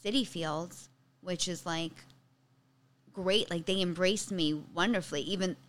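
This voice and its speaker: A woman from the Bronx with a Bronx New York accent, a guest comedian chatting fast on a podcast, full of restarts and "like". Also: fairly low pitch. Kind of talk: casual podcast chat.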